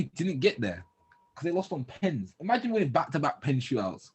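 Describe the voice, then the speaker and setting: A man's voice: fairly high pitch, sing-song, moderate pace, darkish tone, a little hiss or hum. A man from Birmingham with a Birmingham accent, co-hosting a casual football podcast in a laid-back way and laughing often. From Birmingham, England. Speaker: podcast co-host.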